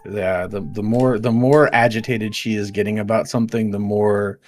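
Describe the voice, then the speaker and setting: A man's voice: on the low side, level tone, moderate pace, a little mellow. A man in casual chat, joking and teasing his friends, swearing and laughing often.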